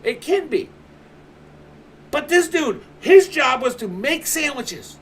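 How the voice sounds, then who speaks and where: A man's voice: very high-pitched, sing-song, takes it slowly, a bit bright. A man streaming from home, telling a story in casual chat, swearing constantly and ranting with animation.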